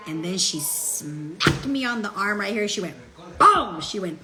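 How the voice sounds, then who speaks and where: A woman's voice: mid-range voice, expressive, normal speed, pushed and bright. A middle-aged woman giving a chatty, emphatic motivational talk, dropping Spanish phrases and asking "okay?" between points. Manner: chatty, emphatic, peppers speech with "okay?" and "guess what"; switches into Spanish phrases mid-sentence. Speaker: motivational speaker.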